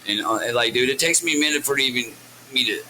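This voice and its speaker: A man with a very bright, forceful voice tells rambling, profane stories in casual interview chat. He keeps restarting his sentences and acts out other people's lines as he goes. A faint hum of ambient noise sits underneath. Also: medium pitch, quick pace, rough recording. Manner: profane, rambling, animated storyteller. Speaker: rapper.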